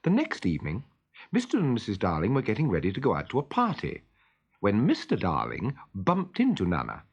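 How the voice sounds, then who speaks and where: A man reading a children's story aloud with expressive, lively narration. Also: lowish voice, a little fast, slightly rough, muffled recording.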